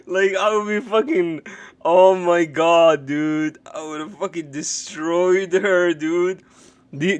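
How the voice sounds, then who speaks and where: A young man live-streaming, his voice pitched high as he talks through clips in a loose, rambling way. He speaks slowly and unhurriedly, breaking into hard laughter often and swearing freely. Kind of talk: casual live-stream reaction chat.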